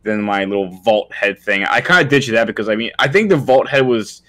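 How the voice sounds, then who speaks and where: A man co-hosting a podcast in casual chat, rambling as he pitches ideas, full of likes and restarts. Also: expressive, brisk, bright, forceful tone. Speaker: podcast co-host.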